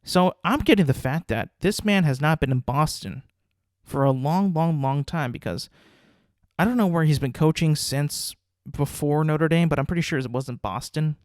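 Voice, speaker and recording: A man's voice: fairly high pitch, moderate pace, darkish tone, no room sound, studio quality. A young man hosting a podcast, ranting casually about sports, rambling and repeating words as he restarts sentences. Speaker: podcast host.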